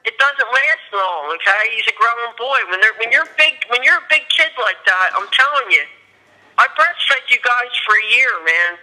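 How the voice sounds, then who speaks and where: A woman's voice: a little high, animated, moderate pace, sharp tone, rough recording. A middle-aged woman on a speakerphone line, a mother chatting bluntly and repeating herself in a casual family call. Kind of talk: casual family phone chat.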